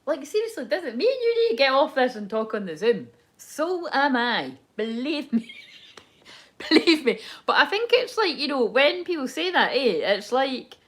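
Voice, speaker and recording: High and sing-song, at a moderate pace with a fairly bright tone, a young woman's voice leads a relaxed live tarot session. She wanders off-topic, curses easily and laughs as she reads the cards.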